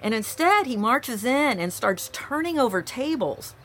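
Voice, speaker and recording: A woman pastor giving a conversational sermon, telling stories in an animated way to a remote congregation. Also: on the high side, a little slow. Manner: warm conversational preaching, animated storytelling. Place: church, recorded outside usual sanctuary.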